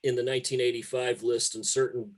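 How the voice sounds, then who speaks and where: A man's voice: medium pitch, little pitch movement, brisk. A man, a music writer guest telling stories in a casual, profane and emphatic way. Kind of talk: casual conversation.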